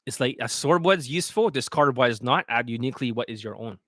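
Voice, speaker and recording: A man talking as a dating coach in a casual livestream, blunt, boastful and full of swearing as he pitches his products. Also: fairly bright tone, no echo, clean studio sound.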